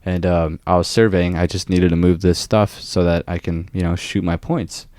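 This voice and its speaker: A man's voice: low voice, normal speed, no echo, clean studio sound. A young man co-hosting a podcast, telling a work story in casual chat, swearing freely and acting out quotes. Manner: profane, animated storytelling with acted quotes. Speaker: podcast co-host.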